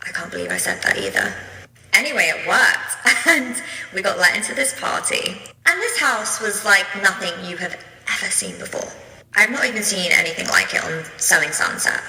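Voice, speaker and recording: A woman's voice: medium pitch, expressive, a little fast, bright, forceful tone, roomy sound, long reverb tail, low-quality recording. Woman telling a storytime tale. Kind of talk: casual storytime.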